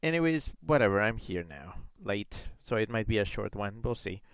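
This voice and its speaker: A man's voice: fairly low pitch, animated, moderate pace, dry recording. A man chatting casually on a live gaming stream, rambling with lots of fillers and reading chat messages aloud.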